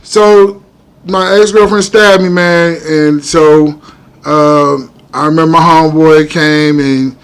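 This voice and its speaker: A man from Omaha, a guest comedian on a casual podcast, telling a wild personal story with lots of profanity and growing loud when excited. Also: fairly high pitch, takes it slowly, clean tone. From Omaha, Nebraska.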